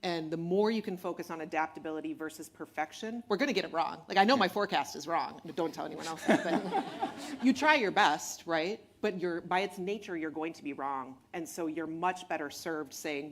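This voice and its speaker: Low-pitched woman executive, candid and emphatic panel guest. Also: fairly quick, hardly any pauses. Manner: candid, emphatic, with a self-deprecating laugh. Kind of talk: panel discussion.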